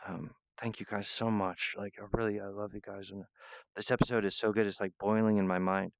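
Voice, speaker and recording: A man with a low, smooth voice delivers a rambling monologue straight to his viewers. He keeps apologizing and jumping between ideas. The sound is dry and close, with a dull, lo-fi quality. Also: level tone, fairly quick, no echo. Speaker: self-styled wizard pitching himself.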